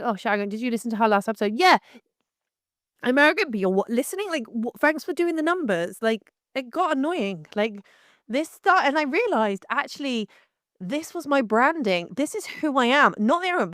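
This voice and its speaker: A middle-aged woman from Devon and Somerset with a light West Country accent, hosting a casual solo podcast in a frank, animated way and calling the listener darling. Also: a little high, dry recording, clean studio sound. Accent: light West Country English. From Devon and Somerset, England. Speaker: podcast host.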